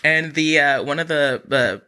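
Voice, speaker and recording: Woman just chatting away, telling a story, bright kinda sharp tone, lots of likes and ums. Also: sits low, a little slow. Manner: chatty, many fillers and quoted asides. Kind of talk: casual storytelling.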